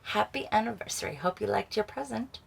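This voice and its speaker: A woman hosting a vlog, giving an excited, giggly tour of a small sailboat she is aboard. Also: medium pitch, fairly quick, gravelly, breathy edge. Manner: excited, giggly, with frequent laughs. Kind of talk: casual tour walkthrough.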